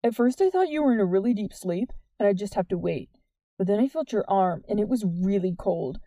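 An earnest, wordy teenage boy speaking softly and sincerely, read by a woman. The tone is very dark and mellow, with no hint of brightness. It sounds close and dry, like a storybook reading. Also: medium pitch, animated, brisk, no room sound, lightly acted. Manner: soft, plain and sincere.

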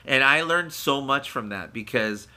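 A man's voice: mid-range voice, lively intonation, a little slow, pushed and bright. A man co-hosting a casual podcast, telling a personal story in a rambling, candid way with fillers and swearing, acting out what other people said. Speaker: podcast co-host.

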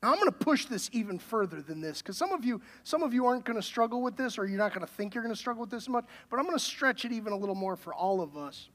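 A man's voice: high voice, animated, fast, few pauses, a bit bright. A man, the pastor, preaching a sermon in a conversational way and building to emphatic questions.

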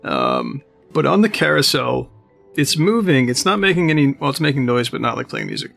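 A man running a tabletop game as game master. He has a gravelly, creaky voice and describes scenes in a meandering way, full of fillers. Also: medium pitch, wildly swooping pitch, fairly quick, a bit bright, soft background music.

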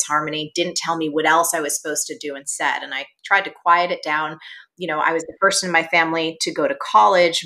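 Low-voiced bright middle-aged woman. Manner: earnest and animated, frequent "you know" fillers. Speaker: entrepreneur guest. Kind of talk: personal storytelling in an interview.

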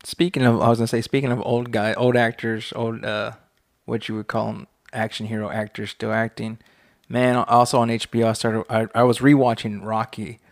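A man's voice: mid-range voice, flat delivery, dry recording. Rambling young man, dry close sound. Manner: rambling, halting with "uh" and "um". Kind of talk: casual chat.

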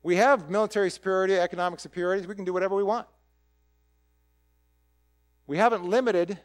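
High-voiced man preaching. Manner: animated, asks rhetorical questions, acts out quick quoted voices. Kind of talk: conversational sermon.

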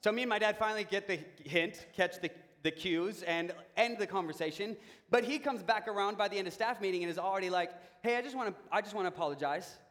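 A young adult man preaching a sermon, telling stories about himself in a relaxed, joking way. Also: high voice, a little fast. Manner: conversational, self-mocking storytelling. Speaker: pastor. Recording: long reverb of a large hall.

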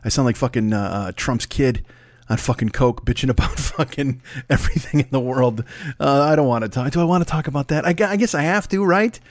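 A man hosting his own podcast in a rambling, profane, self-mocking monologue that runs fast and loose. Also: fairly high pitch, no room sound. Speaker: podcast host.

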